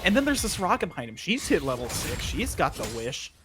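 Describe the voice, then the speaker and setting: A man doing play-by-play commentary on an esports match, excitable, with his voice jumping up on big plays. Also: fairly high pitch, quick pace, noisy background. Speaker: esports caster.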